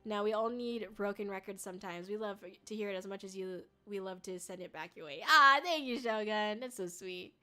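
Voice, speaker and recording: A woman's voice: medium pitch, fairly quick, hardly any pauses, bright, forceful tone. A young woman streaming casually, chatty and bubbly, laughing often and swearing lightly as she reads viewer comments. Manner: emotional, tearful when thanked. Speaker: VTuber streamer. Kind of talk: casual livestream chat reading viewer comments.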